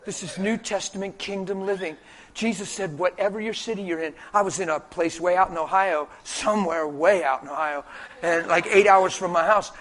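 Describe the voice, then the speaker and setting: A male preacher from Pennsylvania telling a story in a sermon. He moves from soft quoted dialogue to loud, animated exclamations. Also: high-pitched, moderate pace. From Pennsylvania, USA.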